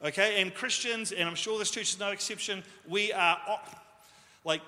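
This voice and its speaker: A man's voice: high voice, normal speed, bright, forceful tone. A man preaching a sermon as pastor, jokey and conversational, in a church hall with a long reverb. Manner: jokey, self-deprecating, conversational.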